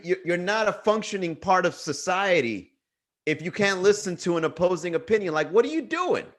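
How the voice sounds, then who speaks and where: A man, a comedian hosting his own daily livestream, chatting casually with viewers and ranting in an animated, jokey way. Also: a little high. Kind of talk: casual livestream chat giving viewer shout-outs.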